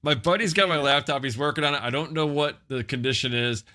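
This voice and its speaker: A man hosts a casual live podcast with a bright, clear tone. He banters loosely, jokes and swears without a care. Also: on the high side, quick pace. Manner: loose, joking, swears freely. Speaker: podcast host.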